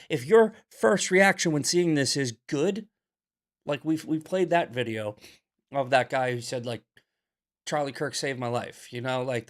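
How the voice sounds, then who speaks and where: An American man hosts a political commentary show, sounding heated and preachy. He swears and repeats himself for emphasis, and his pitch is fairly high.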